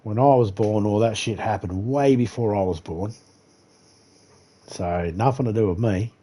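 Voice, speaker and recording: A man's voice: fairly low pitch, moderate pace, dark tone. A man with an Australian accent, a gaming streamer ranting casually on a live stream and swearing freely. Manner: ranting, swears freely, laughs at his own jokes. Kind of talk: casual rambling chat while live gaming.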